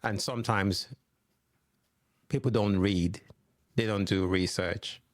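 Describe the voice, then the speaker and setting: A man's voice: lowish voice, fairly even intonation, takes it slowly, no room sound. A man hosting a podcast, asking questions and encouraging his guest with short affirmations. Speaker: podcast host. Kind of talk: conversational interview.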